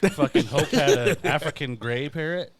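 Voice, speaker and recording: A man's voice: a little high, animated, normal speed. A man co-hosting a podcast in casual chat, enthusiastic and profane. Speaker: podcast co-host.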